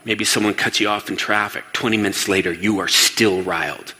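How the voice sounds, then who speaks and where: A man giving a lively talk to an audience in a large hall. He asks the listeners questions and acts out the voices he quotes. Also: fairly low pitch, brisk. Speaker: speaker addressing an audience. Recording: long reverb of a large hall.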